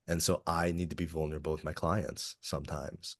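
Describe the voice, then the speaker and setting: A man's voice: rumbling low, little pitch movement, brisk, dry recording, studio quality. A man from Kentucky, an executive coach talking earnestly and reflectively as a guest in a podcast interview. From Kentucky, USA. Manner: earnest, reflective, open about feelings.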